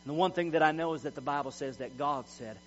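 A man's voice: on the high side, quick pace. A middle-aged man preaching a sermon in an emphatic, folksy way, repeating words as he tells personal stories. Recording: dull lo-fi recording with mains hum.

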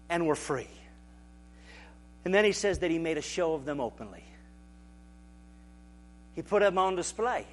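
A man preaching a sermon as pastor, animated and building to shouts. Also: sits high.

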